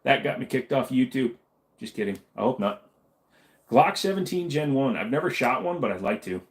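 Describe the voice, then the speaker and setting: A man with a medium-pitched, sing-song voice talks at a normal speed while hosting a loose late-night livestream Q&A. He wanders from topic to topic, tells jokes, and reads viewers' chat messages aloud in a relaxed, casual manner.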